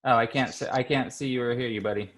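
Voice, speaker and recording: A male teacher leading an online class, speaking slowly and patiently and encouraging the children. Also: mid-range voice, fairly even intonation, a bit bright, slight background noise. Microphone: computer mic on a video call.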